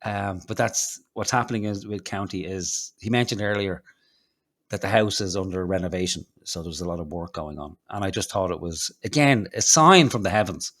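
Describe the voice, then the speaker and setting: A man's voice: sits low, normal speed, a bit bright. An Irish man co-hosting a comedy podcast, rambling and swearing as he tells a story. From Ireland. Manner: rambling, sweary, laughs often. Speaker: podcast co-host. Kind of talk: casual commentary.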